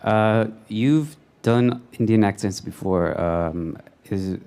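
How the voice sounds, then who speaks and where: Audience member: very low, smooth voice, hesitant, halting question. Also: male voice, dark tone. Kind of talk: casual question.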